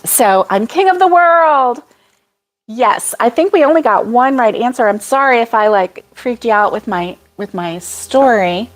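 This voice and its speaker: A woman's voice: a little high, moderate pace, hardly any pauses. A woman hosting a casual livestream chat, chatty and apologetic, laughing often as she reads viewer comments. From United States.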